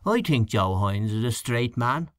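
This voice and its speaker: A man's voice: medium pitch, big pitch swings, measured pace, a bit bright, dry recording. A mild, doubtful male canvasser in a spoken storybook, as a man reads him. The voice rises and falls a lot, in a dry, close recording.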